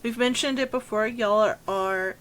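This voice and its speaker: A woman's voice: on the high side, normal speed, a bit bright, low-quality recording. A woman hosting a casual podcast chat, easygoing and self-deprecating, asking her guests questions. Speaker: podcast host.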